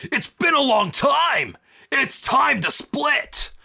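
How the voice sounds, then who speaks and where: A man's voice: extremely high pitch, sing-song, slow, creaky, pushed and bright, pitched above the performer's own voice, full character voice. A man voicing a huge, brash wrestler villain who boasts about himself in the third person. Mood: bellowing. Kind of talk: tabletop role-play voice.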